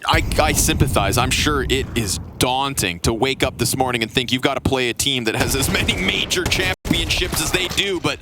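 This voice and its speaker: A man doing live play-by-play esports commentary, with rapid calls that build to shouts at big plays. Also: mid-range voice, loud music behind the voice.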